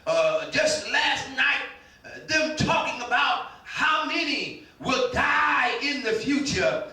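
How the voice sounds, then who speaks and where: A male pastor preaching a sermon with fervent shouting and half-sung lines, often stumbling over repeated starts. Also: extremely high pitch, big pitch swings, slow pace. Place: church sanctuary. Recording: very echoey room, mic at a distance.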